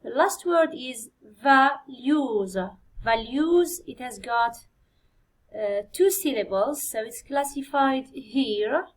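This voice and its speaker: Woman, Algerian accent, high voice, English teacher, patient exam review, slow spelled-out answers. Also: poor audio. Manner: spells and counts out answers slowly for students. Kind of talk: exam review lesson, code-switching with Arabic.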